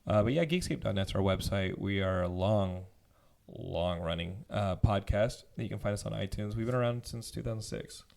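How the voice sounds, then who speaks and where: A man's voice: lowish voice, normal speed, gravelly, darkish tone. A man chatting as a podcast guest, rambling and enthusiastic, swearing freely. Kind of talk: casual chat.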